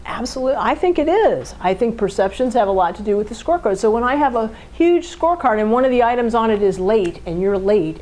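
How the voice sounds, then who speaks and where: She speaks fast with a higher voice and few pauses, and the recording is rough. Co-hosting a podcast, the woman walks through relationship communication casually, using rhetorical check-ins and animated, louder impressions of what partners say.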